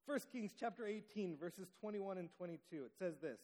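A man preaching a sermon, telling the story with dramatic pauses and lively emphasis. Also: sits high, big-room sound, poor audio. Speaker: pastor.

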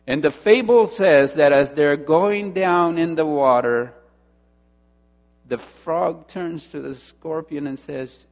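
A male pastor delivering a sermon in a deliberate, unhurried voice, leaning on dramatic pauses and repeated phrases. His words ring out with a long reverb in a church hall. A low mains hum runs beneath him. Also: faint music behind. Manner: emphatic, with dramatic pauses and repetition.

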